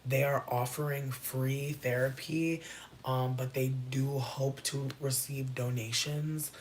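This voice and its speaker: A vlogger in a loose stream-of-consciousness chat, telling stories in a profane, slangy way that keeps leaping up into high exclamations. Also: little pitch movement, takes it slowly, slight background noise.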